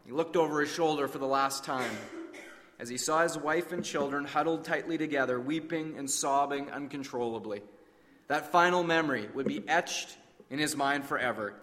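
A man preaching a sermon as a dramatic story, sinking to a hush and then crying out. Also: on the high side, moderate pace. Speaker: pastor. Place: church sanctuary. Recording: long reverb of a large hall.

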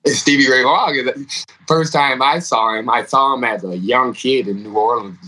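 Laughing, animated musician telling stories. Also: male voice, medium pitch, normal speed, low-quality recording. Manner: animated, laughs often, acts out quotes. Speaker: guest musician. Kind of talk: casual storytelling interview.

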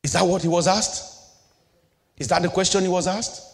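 A man's voice: high voice, fairly even intonation, normal speed, vocal fry. A middle-aged male pastor preaching a sermon, asking rhetorical questions and building and dropping his intensity, in a church hall. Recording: long hall reverb.

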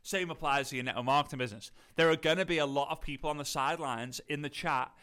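A man's voice: on the high side, fast talker, pushed and bright, clear, resonant tone. A man with a Scouse Liverpool accent giving a chatty, rambling motivational talk as a coach, often asking "right?" and restarting his sentences. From Liverpool area, England.

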